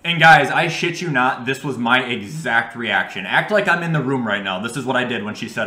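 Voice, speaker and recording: A young man vlogging while he plays a game, telling an animated, profane story. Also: medium pitch, fairly quick, hardly any pauses. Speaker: gaming vlogger. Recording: echoey room.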